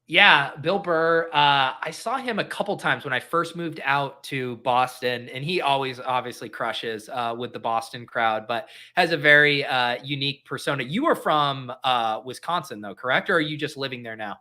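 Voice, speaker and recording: Upbeat guy hosting a podcast, bright voice, chats along fast with lots of asides. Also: medium pitch. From Colorado. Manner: chatty, upbeat, quick asides. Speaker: host. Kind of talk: casual podcast interview.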